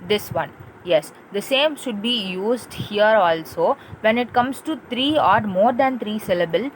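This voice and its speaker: A woman's voice: medium pitch, expressive, measured pace, rough recording. Woman teacher, repetitive classroom explaining, faint road noise. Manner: patient, repetitive explaining with spelled-out letters and check-in questions. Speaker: English teacher. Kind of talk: classroom grammar lesson.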